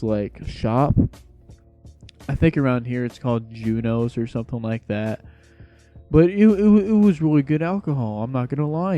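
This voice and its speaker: A young man spins a casual storytime tale, slangy and rambling. His voice is mellow and a little dark, sitting at an ordinary pitch. Faint music plays underneath. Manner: slangy, laid-back rambling.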